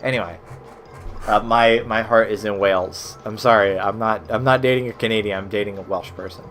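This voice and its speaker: A man's voice: on the low side, fairly even intonation, brisk, soft background music. Chatty American man streaming games. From United States. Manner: chatty, swears casually, reacts loudly to the game. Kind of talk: casual gaming commentary.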